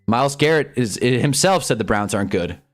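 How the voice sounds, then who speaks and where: A young man talking over a live football broadcast for his stream, complaining and reacting play by play. His voice sits at an ordinary middle pitch. Faint music plays behind him. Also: lively intonation. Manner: frustrated, ranting, quick reactions. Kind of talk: live sports watch-along commentary.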